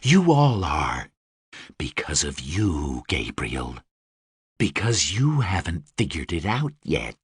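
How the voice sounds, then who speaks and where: A male audiobook narrator voicing a cold, menacing winged woman warrior, speaking low, slow and threatening. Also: wildly swooping pitch, slightly rough, no room sound, clean studio sound, exaggerated voice.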